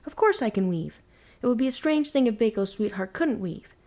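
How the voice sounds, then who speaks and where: A woman voicing a tiny, cheerful female mouse princess in a bedtime storybook reading, speaking eagerly and brightly. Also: a little high, fairly quick, lightly acted. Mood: joyful. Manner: eager, lively.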